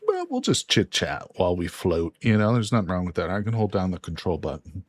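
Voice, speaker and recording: A man's voice: sits low, huge pitch swings, fairly quick, husky. A man from Illinois casually commentating a multiplayer game on a live stream, laid-back and joking as he goes. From Illinois, USA.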